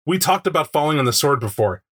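High, bright-voiced animated man. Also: fast talker. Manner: animated, acts out scenes with sound effects. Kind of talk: casual chat about a tabletop game.

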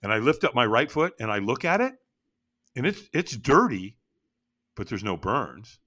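A middle-aged man telling his story as an interview guest, acting out his own past lines with sudden leaps in pitch. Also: very animated, moderate pace, pushed and bright. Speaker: podcast guest.

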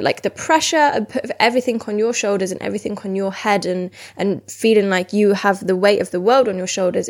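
A young woman, chatting casually and rambling with lots of "like" fillers. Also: mid-range voice. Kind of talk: casual chat.

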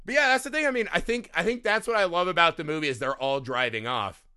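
A middle-aged man on a casual podcast, telling animated stories, swearing freely and laughing often. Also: on the high side, quick pace, clean tone. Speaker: podcast co-host.

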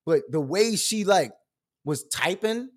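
A man hosting his own live stream, talking in an animated, loud and expressive way with casual slang and lots of fillers. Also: sits high, slow pace.

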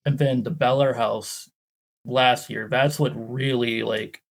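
A man, a guest on the show, telling a story in a casual, animated way with lots of "like". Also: medium pitch, slow. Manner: animated, filler-heavy "like". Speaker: guest explorer.

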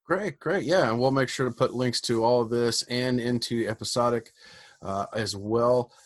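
A man hosts a podcast interview in an upbeat, casual manner, laughing often and hesitating with many fillers. His voice is mid-range at a moderate pace, with no room sound in the recording.

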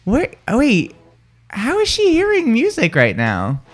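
A woman's voice: on the high side, huge pitch swings, a little slow. A young woman hosting a casual morning radio chat, rambling and laughing, often restarting her sentences. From California. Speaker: radio show host.

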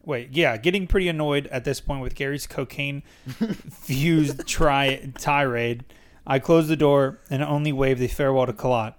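A man's voice: medium pitch, moderate pace. A young man hosting a podcast who reads his own memoir aloud and sometimes stumbles over words and starts again. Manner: stumbles over words and restarts while reading. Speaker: podcast host reading his own book.

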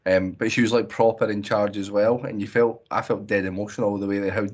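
A Scottish man co-hosting a podcast, talking through a film in a measured, thoughtful way. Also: on the low side, fairly even intonation, breathy edge. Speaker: podcast co-host. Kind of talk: casual film-review chat.

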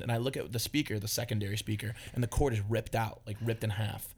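A man's voice: medium pitch, flat delivery, quick pace, few pauses. A young man hosting a casual podcast, telling a rambling story full of filler words. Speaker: podcast host. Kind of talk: casual chat.

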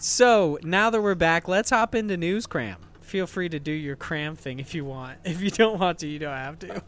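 Chatty, slightly high-voiced male podcast host. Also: normal speed, over music. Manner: chatty, enthusiastic, many fillers. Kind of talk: casual podcast chat.

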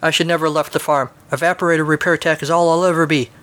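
A man's voice: a little high, steady tone, racing, a bit bright, pitched above the performer's own voice, close to an everyday voice. A man voicing a jittery, unsure young male pilot who talks in an anxious, whiny way.

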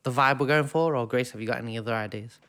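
Jokey podcast co-host. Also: male voice, medium pitch, fast talker, pushed and bright. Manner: jokey, self-mocking, chatty. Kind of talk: casual podcast chat.

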